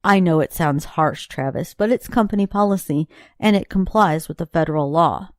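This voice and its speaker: A woman voicing a calm, apologetic office manager in an audiobook, measured and polite. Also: fairly low pitch, no room sound, studio quality, lightly acted.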